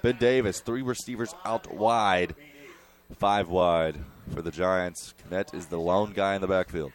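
A young man giving color commentary on a high school football game, explaining play calls like a coach. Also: fairly even intonation, a little slow.

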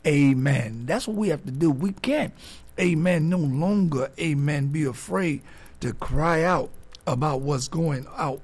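Brief: male preacher, gravelly and husky, slightly high voice, keeps saying "amen.". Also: unhurried. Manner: builds from low and quiet to loud and high, repeats "amen" constantly. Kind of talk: sermon.

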